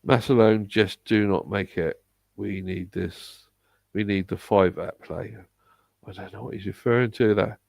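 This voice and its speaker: A man with a Bristol English accent, hosting a live stream and reading out viewer comments in a hesitant, halting way with frequent restarts. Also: on the low side, steady tone, gravelly, a little mellow, no room sound. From England.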